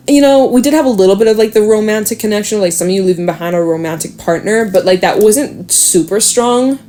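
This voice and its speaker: A young woman in her own casual voice, reading tarot cards and talking straight to the deck as she draws it. She chats loosely, swears offhandedly and laughs often, in a voice of middling pitch. A faint noise sits under the recording. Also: darkish tone. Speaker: tarot reader.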